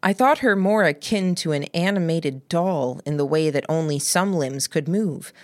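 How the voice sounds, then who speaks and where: Woman audiobook narrator, low and slow, dry close sound. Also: dry recording. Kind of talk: scripted narration.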